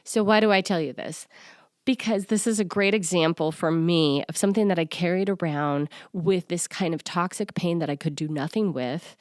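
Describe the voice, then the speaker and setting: A woman in her forties, a self-worth coach, talking to listeners in an earnest, confiding way with soft laughs. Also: lowish voice, normal speed, dry recording, clean studio sound. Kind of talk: personal solo podcast talk.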